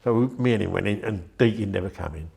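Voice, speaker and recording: An older man tells his story in a chatty, meandering way, slipping into the voices of the people he remembers. His voice sits fairly low and carries a gravelly rasp. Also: fast talker, darkish tone. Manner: rambling, chatty, acts out quoted voices. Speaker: interviewee. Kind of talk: anecdotal storytelling.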